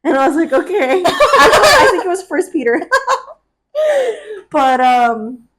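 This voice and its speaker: A woman in her twenties co-hosting a podcast, telling stories in an animated way with frequent laughter. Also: sits high, unhurried, noisy background. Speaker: podcast co-host. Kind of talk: casual chat.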